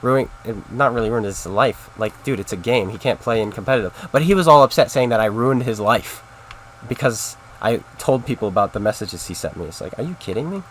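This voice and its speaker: A man's voice: lowish voice, fairly quick, a little hiss or hum. A man casually talking to his stream chat while playing a game, in a rambling, chatty way. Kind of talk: casual live-stream commentary.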